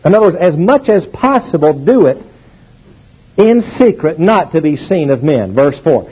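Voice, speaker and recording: A man preaching a sermon, emphatic and animated, calling on the congregation to repeat after him. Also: on the high side, moderate pace, breathy edge. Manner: emphatic, animated teaching with call-and-response. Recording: dull lo-fi old recording.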